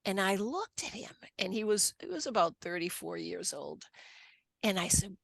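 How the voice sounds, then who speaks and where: An older woman with a Boston accent tells her personal story as an interview guest, earnest and unhurried, often restarting and repeating words. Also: medium pitch, sing-song, creaky, husky, dry recording.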